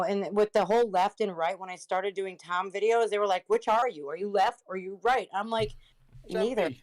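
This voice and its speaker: Blunt woman talking in halting bursts. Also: medium pitch, low-quality recording. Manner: blunt, halting, restarts often, swears. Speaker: podcast guest, reaction streamer. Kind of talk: casual chat.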